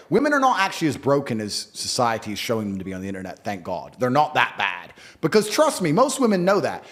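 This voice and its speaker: Male guest, forceful opinions, pitch swinging up and down. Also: brisk, hardly any pauses. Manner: animated, swings pitch up high for emphasis. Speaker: interview guest. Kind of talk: emphatic opinionated talk.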